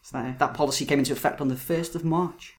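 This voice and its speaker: A man co-hosting a comedy podcast in a deadpan, casual way. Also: mid-range voice, fast. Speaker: podcast co-host.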